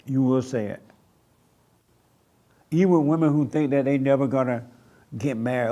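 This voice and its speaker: An older man preaching in a plain, slow, storytelling way, acting out what people say. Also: mid-range voice, warm tone. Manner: slow, plain-spoken, storytelling with acted-out quotes. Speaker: pastor. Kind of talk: sermon answering questions. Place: church meeting room.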